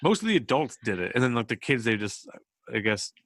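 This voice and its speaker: A man's voice: medium pitch, big pitch swings, a little fast, a bit bright, no room sound. A man hosting a podcast in casual chat, rambling with lots of fillers and laughing often. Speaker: podcast host.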